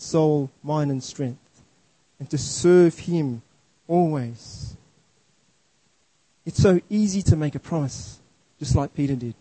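A man preaching a sermon slowly and earnestly, often stumbling over and restarting his words. His voice sits somewhat high but sounds dark and husky. The sound is dry and close. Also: no echo, rough recording. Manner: earnest, emphatic, with repeated restarts.

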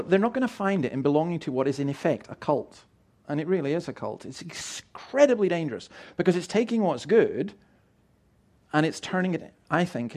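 A middle-aged man preaching a sermon in an earnest, emphatic way, often restarting and repeating words. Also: a little high. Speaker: pastor.

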